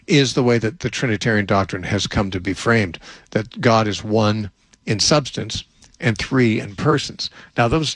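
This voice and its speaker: An older man, a Bible teacher, answering a question in thoughtful unscripted talk with frequent restarts and a slightly husky voice. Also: mid-range voice, a bit bright, no echo, poor audio.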